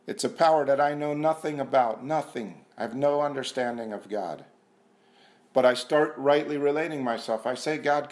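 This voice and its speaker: A man giving an earnest, self-mocking personal testimony at a recovery meeting, repeating himself and sometimes dropping to a hushed voice. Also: mid-range voice. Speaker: speaker sharing at a recovery meeting. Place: meeting room.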